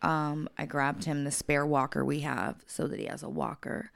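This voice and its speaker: A woman's voice: deep voice, little pitch movement, normal speed, creaky, dry recording, studio quality. A woman co-hosting a casual podcast, telling a blunt, profane story from her work. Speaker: podcast co-host.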